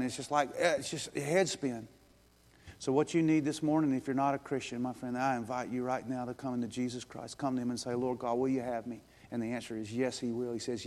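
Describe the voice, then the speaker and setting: A man preaching a sermon as pastor, earnest and direct, building to urgent appeals and then softening into a gentle invitation. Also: medium pitch, level tone, a little fast, big-room sound. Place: church sanctuary.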